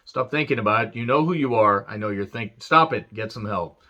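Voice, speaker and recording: A man's voice: fairly low pitch, brisk, muffled recording. A man doing a brash, taunting wrestling star. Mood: mocking. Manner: loud, taunting, mocking.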